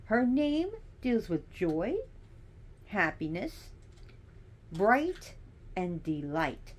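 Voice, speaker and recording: A woman's voice: medium pitch, sing-song, drawn-out words. A woman giving a casual teaching monologue, chatty and digressive, with sassy asides.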